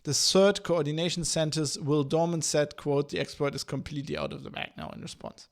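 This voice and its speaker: A man with a fairly high-pitched voice rants casually on his podcast. He is sarcastic and animated, with lots of fillers and restarts, and he keeps slipping into mocking impressions. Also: brisk, vocal fry. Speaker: podcast host. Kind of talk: casual ranting commentary.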